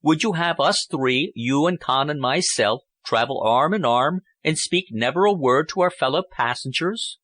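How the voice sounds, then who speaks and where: A man's voice: fairly high pitch, animated, normal speed, hardly any pauses, fairly bright tone, no echo. A man playing a poor, lovesick young officer who talks in a brooding, earnest way. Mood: indignant.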